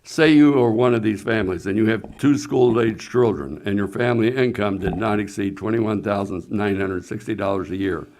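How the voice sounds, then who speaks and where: Brief: board member reading a statement, measured and formal, lowish voice. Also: male voice, a little mellow, a little hiss or hum. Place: meeting room.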